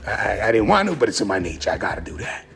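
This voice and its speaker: A man's voice: on the low side, very animated, rapid-fire, gravelly, a bit bright, faint music behind, voice pushed down, full character voice. A man voicing a scheming male scorpion in a fable, mumbling and fatalistic. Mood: sullen.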